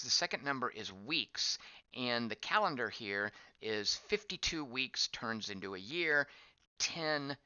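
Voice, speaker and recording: A man's voice: mid-range voice, bright, forceful tone, no room sound. A man giving casual gameplay commentary as he plays, thinking aloud, wondering and reacting to what is on screen. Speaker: game streamer. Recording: dull lo-fi dry voice track.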